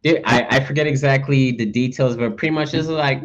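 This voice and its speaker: A man's voice: medium pitch, fairly quick, muffled recording. A man co-hosting a podcast, rambling in casual chat with lots of restarts and acted-out asides. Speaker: podcast co-host.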